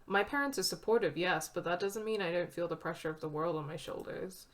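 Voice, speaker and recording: A woman's voice: on the low side, fairly quick, lightly acted. A woman reading the lines of an earnest, self-doubting young woman in a story game. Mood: anxious. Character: anxious young woman best friend.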